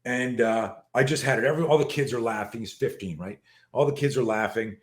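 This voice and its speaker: A man's voice: mid-range voice, a little fast. Older man swearing, restarting, echoey room. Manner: profane, emphatic, many restarts, acts out dialogue. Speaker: guest, self-defense instructor. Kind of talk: animated storytelling in a podcast chat.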